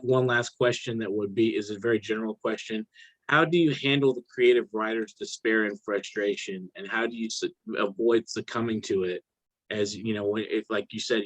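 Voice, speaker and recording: A man's voice: fairly low pitch, fairly bright tone, no room sound, rough recording. A man hosting an interview, asking questions hesitantly with many fillers. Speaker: host.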